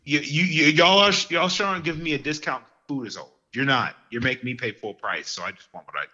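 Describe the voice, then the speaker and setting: A man telling lively stories in casual podcast chat, getting worked up as he goes. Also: mid-range voice, fast talker, muffled recording. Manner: animated storyteller who gets worked up.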